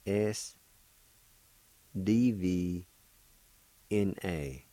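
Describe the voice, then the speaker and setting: A man with a low, warm voice teaches a language lesson on the radio, speaking very slowly and deliberately. He spells each word out one letter at a time with long pauses, then encourages listeners to practice. The sound is dry and close. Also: dry recording. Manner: slow, patient, spells words letter by letter.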